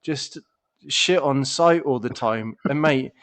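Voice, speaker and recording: A man's voice: mid-range voice, slow, a bit bright. A man co-hosting a casual podcast, telling rambling stories full of swearing and laughter. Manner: swears a lot, laughs often, rambling storyteller. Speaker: podcast co-host.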